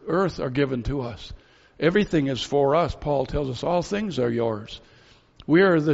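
A man's voice: a little high, gravelly, darkish tone. Preacher man in a reverberant hall. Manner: earnest, reasoning, rhetorical questions. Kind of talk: expository sermon. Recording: dull lo-fi sound with long hall reverb.

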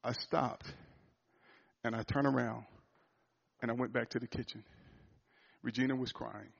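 A man preaching a sermon, telling a personal story, swinging from loud, rising fervor to a hushed, quiet confession. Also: medium pitch, steady tone, measured pace, creaky, slightly rough, highs cut off. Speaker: pastor.

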